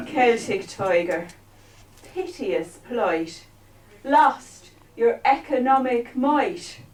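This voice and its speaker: Woman putting on a mournful reciter, slow and measured, echoey hall. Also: a little high. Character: woman reciting a mournful mock-Blake poem. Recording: roomy, echoey hall from far off.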